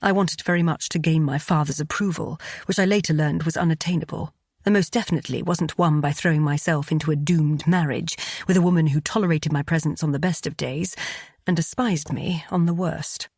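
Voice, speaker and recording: A brooding earl with a past he cannot shake, voiced by a woman reading a romance audiobook. The voice sits low and husky, close and dry, and the delivery stays measured and regretful. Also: steady tone, darkish tone, dry recording. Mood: somber. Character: brooding aristocratic earl, burdened by guilt.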